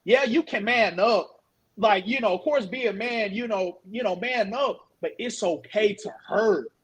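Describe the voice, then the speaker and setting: A man's voice: high-pitched, unhurried, husky, highs cut off. A man in his twenties in casual podcast chat, rambling and full of fillers. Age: 20s. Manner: rambling, full of fillers like "you know what I'm saying".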